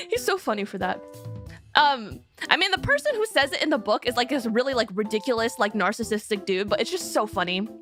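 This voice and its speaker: A woman's voice: fairly high pitch, big pitch swings, a little fast, a bit bright, soft background music. A young woman streamer chatting casually with her viewers, rambling and giggly with lots of fillers.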